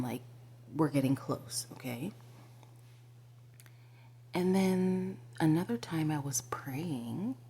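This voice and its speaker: Low, dark-toned woman confiding in whispers. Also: a little hiss or hum. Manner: confiding, often drops to a breathy whisper; frequent fillers and asides to the listener. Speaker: spiritual vlogger. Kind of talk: personal storytelling to camera.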